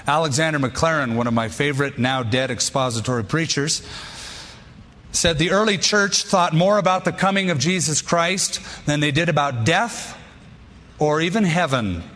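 Guy preaching a sermon, punchy short lines, kinda high voice, long echo off the hall. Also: a bit bright. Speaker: pastor.

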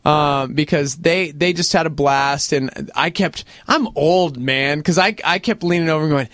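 A man in his forties in casual chat, an animated storyteller who acts out other people's voices and says "dude" a lot. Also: a little high, moderate pace, no echo, studio quality.

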